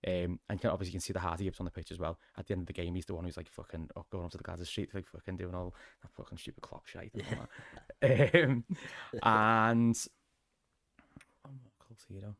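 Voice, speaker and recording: A man's voice: deep voice, quick pace, vocal fry, fairly bright tone, no room sound, studio quality. A man with a Liverpool Scouse accent, a podcast guest telling stories in casual chat, sweary and chatty. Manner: sweary, chatty storytelling with laughs.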